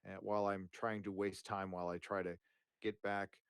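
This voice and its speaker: A man's voice: deep voice, little pitch movement, moderate pace, clean tone, no echo. A man hosting a live stream, chatting casually and jokily with viewers and a guest, rambling and swearing a lot. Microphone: headphones and desk mic.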